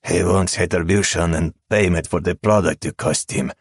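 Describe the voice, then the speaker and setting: A man's voice: sits low, steady tone, measured pace, vocal fry, no room sound, clean studio sound, full character voice. A man voicing a bulky, defiant cartel boss with a heavy accent who speaks through clenched teeth in an audiobook. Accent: heavy foreign accent. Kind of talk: audiobook character voice.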